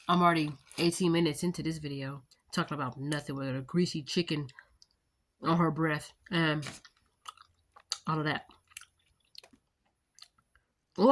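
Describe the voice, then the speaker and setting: A woman's voice: low-pitched, fairly bright tone, a little hiss or hum. A woman in her thirties chatting casually to her viewers, rambling through storytime anecdotes and addressing them as y'all. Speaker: vlogger.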